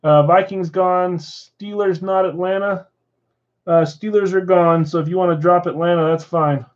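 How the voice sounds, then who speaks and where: A man's voice: high voice, moderate pace. Man rattling off team assignments, lo-fi. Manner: rattles off names and teams in a steady list. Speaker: card shop breaker assigning teams. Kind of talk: live-stream card break chat. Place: card shop.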